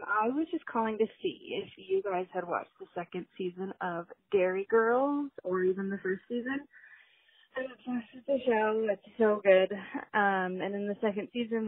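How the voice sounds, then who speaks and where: A woman's voice: medium pitch, no room sound. Bubbly woman calling in by phone. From Southern California. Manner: bubbly and upbeat. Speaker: caller leaving a voicemail. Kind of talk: casual voicemail message. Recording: muffled phone line.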